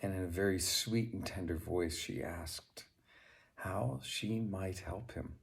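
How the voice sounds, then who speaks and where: Slow, deep-voiced male storyteller. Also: creaky. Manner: unhurried, chatty asides to the listener. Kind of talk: storytelling narration.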